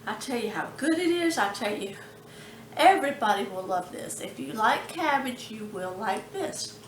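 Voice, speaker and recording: A woman with a fairly high, lively voice hosts a cooking vlog from home, chatting warmly and slowly in a homey style and laughing often. Her kitchen sounds echoey, and a little background noise comes through.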